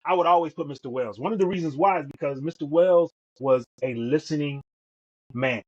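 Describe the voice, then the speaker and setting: This middle-aged man co-hosts a podcast, recounting stories with emphasis and repeating words as he talks. His fairly high voice runs a little fast, captured in dull lo-fi audio.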